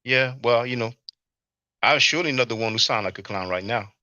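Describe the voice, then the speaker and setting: A man's voice: mid-range voice, fairly quick, bright, forceful tone, no room sound. A man hosting a casual livestream, laughing often and reading chat comments aloud to answer them. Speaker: livestream host. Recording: dull, lo-fi stream audio.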